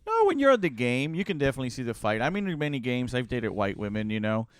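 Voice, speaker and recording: A man's voice: medium pitch, wildly swooping pitch, fast talker, smooth, dry recording, clean studio sound. A man co-hosting a podcast in casual chat, loose and joking, swearing freely and acting out little bits. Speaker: podcast co-host.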